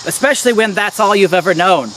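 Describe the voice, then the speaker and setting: A man's voice: high voice, fast talker, a bit bright, a little hiss or hum, poor audio. A man hosting a church video, talking earnestly straight to his viewers and driving his points home with repetition. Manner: earnest, addresses viewers as "guys", emphatic repetition. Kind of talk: direct-to-camera teaching talk.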